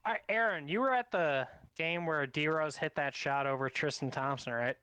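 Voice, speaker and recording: A man's voice: on the high side, normal speed, pushed and bright, smooth, no echo. A man in a casual sports podcast chat, emphatic and blunt, swearing to drive his points home. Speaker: podcast co-host.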